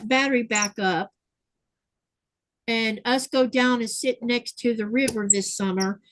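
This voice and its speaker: A woman's voice: mid-range voice, a little hiss or hum, poor audio. A woman hosting a sewing livestream, chatting casually and reading viewer comments aloud. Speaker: livestream host. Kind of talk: casual chat while sewing.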